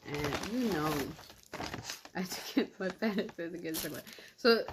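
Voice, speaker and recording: A woman's voice: on the low side, normal speed, heavy background noise. A young woman vlogging casually while she eats, rambling in blunt, slangy talk with lots of fillers. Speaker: mukbang vlogger. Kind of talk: casual vlog chat while eating.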